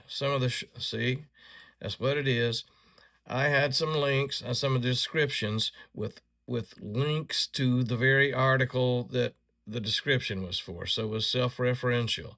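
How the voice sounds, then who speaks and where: A man's voice: mid-range voice, creaky, fairly bright tone. A man ranting angrily to camera, indignant and insulting, often stumbling over restarts as he works himself up. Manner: halting restarts when agitated. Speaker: video creator. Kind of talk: angry ranting commentary.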